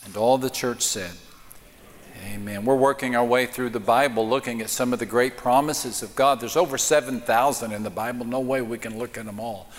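A man preaching a sermon in a church, telling a joke with voices and then speaking slowly and emphatically. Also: medium pitch, steady tone. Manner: acts out the joke's voices, slow emphatic preaching. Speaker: pastor. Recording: reverberant church hall.

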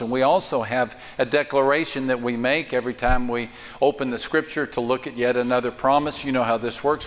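A man preaching a sermon in a church, telling a joke with voices and then speaking slowly and emphatically. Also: mid-range voice, fairly bright tone. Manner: acts out the joke's voices, slow emphatic preaching. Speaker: pastor. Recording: reverberant church hall.

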